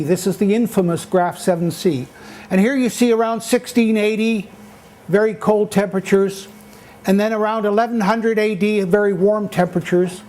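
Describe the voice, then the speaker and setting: An older man giving an animated lecture-style talk at a townhall, acting out quotes as he tells stories. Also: high-pitched. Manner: animated storytelling, acts out quotes. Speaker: speaker at a townhall.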